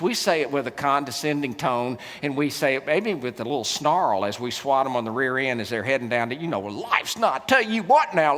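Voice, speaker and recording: A middle-aged man, preaching a sermon as a keynote speaker, telling stories with humor and big swings in loudness. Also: a little high. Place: large hall. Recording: reverberant hall.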